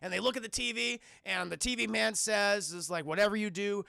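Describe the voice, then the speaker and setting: A man excitedly recapping a film for his live-stream chat, swearing freely and acting out the characters' lines in shifting voices. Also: sits high, a little fast, creaky, no room sound, studio quality. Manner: excitable, profane, keeps addressing chat.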